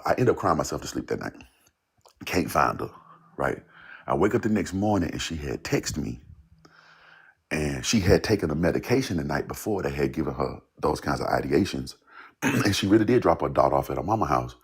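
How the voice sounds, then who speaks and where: Man, extremely low voice, husky, loose rambling storyteller, casual chat. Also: lively intonation, a little fast. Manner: loose, rambling, repeats "you know what I'm saying". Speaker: guest songwriter.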